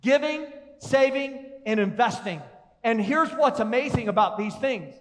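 A man preaches with energy and a strikingly high voice, pulling his congregation into call-and-response. His words carry the long reverb of a large church hall. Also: animated, unhurried. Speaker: pastor. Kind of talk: sermon.

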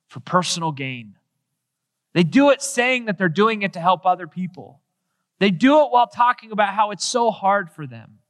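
A man's voice: sits high, fairly bright tone. A man preaching a sermon in an earnest way, asking rhetorical questions and acting out quoted dialogue. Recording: long hall reverb.

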